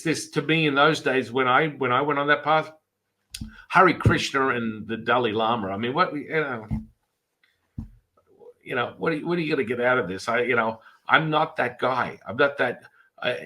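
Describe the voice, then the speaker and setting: Man, podcast host, priest, casual storytelling, crisp bright tone, animated, acts out quotes. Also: mid-range voice, rough recording. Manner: animated, rambling, with restarts and acted-out quotes.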